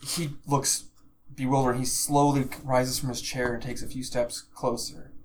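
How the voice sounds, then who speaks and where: A man's voice: medium pitch, little pitch movement, a little slow, a little hiss or hum. A man narrating as game master of a tabletop game, describing scenes with restarts and fillers.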